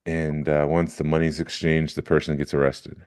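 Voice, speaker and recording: Male podcast co-host, very low voice, dry close mic, rambling storyteller. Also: little pitch movement, normal speed, darkish tone, clean tone, no echo. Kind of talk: casual chat.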